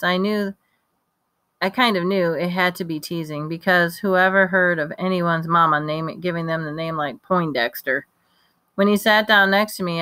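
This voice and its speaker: A woman reading a children's novel aloud as a first-person narrator, lively and conversational. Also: lowish voice, clear, resonant tone, no echo. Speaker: audiobook reader.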